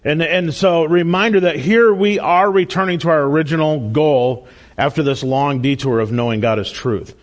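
A man's voice: on the high side, moderate pace. A man delivering a sermon as a pastor in a church, earnest and emphatic, with asides and bits of self-deprecating humor.

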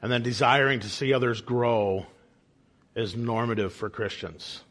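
A man's voice: mid-range voice, unhurried, fairly bright tone. A man, father of a young child, teaching a church Bible study class in an earnest manner and posing questions to the group. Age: adult father of a young child.

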